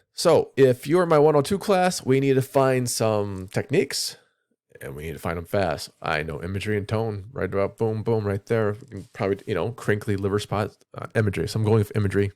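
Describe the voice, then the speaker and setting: A man's voice: lowish voice, a little mellow, no room sound, clean studio sound. A man teaching a class, reading a story aloud expressively, then talking in a casual, rambling way.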